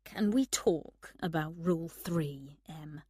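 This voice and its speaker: A woman reading aloud and voicing an arrogant young man who speaks softly and gently. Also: on the low side, lively intonation, unhurried, dry recording, studio quality. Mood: gentle. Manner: soft, gentle. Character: young man, arrogant, self-centred charmer.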